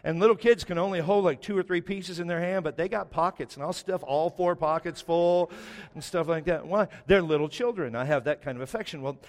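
A man's voice: a little high, a little fast, long reverb tail. A man preaching a sermon as a pastor, talking in a loose, conversational way and reading scripture aloud with emphasis.

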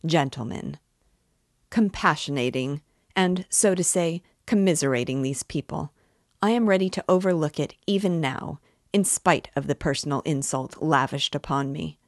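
A woman reading aloud and voicing a pompous, self-righteous middle-aged man who talks down to others and turns shrill when accused. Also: moderate pace, no echo, studio quality. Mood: condescending. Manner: condescending, wordy, later shrill and indignant.

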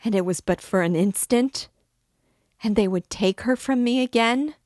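A woman's voice: on the high side, moderate pace, darkish tone, no echo, studio quality, voice pushed up, close to an everyday voice. A woman doing a half-mad, doting older mother. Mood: wild. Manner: tender, gushing, rising to frantic. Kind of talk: dramatic reading of a novel.

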